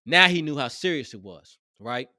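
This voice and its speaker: A man telling a heated workplace story in a casual, animated and profane way, emphatic and expressive. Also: on the high side, normal speed, no room sound, studio quality.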